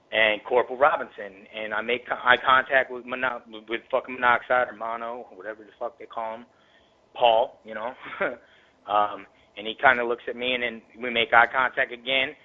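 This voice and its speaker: Rapper interview guest from the Tampa Bay area, a man with a mid-range voice, heated profane storytelling, phone-quality audio. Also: mid-range voice. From Tampa Bay area, Florida. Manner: heavily profane, streetwise slang; grows heated and louder. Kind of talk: casual storytelling. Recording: tinny phone-line recording.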